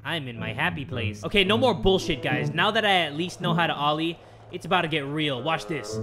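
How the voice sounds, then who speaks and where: A young man giving loud, swearing let's-play commentary over a skateboarding game, yelling and laughing as he plays. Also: a little high, fairly quick. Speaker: gaming YouTuber. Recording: game music in the background.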